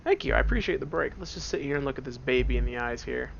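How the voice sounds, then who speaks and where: A man's voice: medium pitch, lively intonation, fast talker, vocal fry, few pauses, highs cut off, slight background noise. A man casually joking and rambling through commentary on a game, seated at a computer at home. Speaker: let's play gamer.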